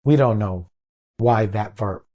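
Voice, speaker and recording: A man's voice: on the low side, slow pace, a little mellow. A man, a rabbi telling a moral story in an earnest sermon style, sprinkling in Hebrew words.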